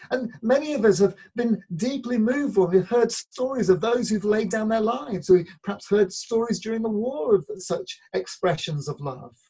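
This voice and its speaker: Preacher giving a sermon, kinda breathy voice, slows way down for bible quotes. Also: medium pitch, darkish tone, poor audio. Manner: earnest, slows down to read scripture.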